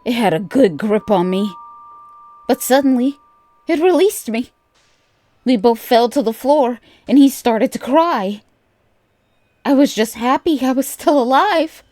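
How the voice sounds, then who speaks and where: A woman narrating a first-person horror story in a measured, deliberate way. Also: a little high, lively intonation, mellow, dry recording.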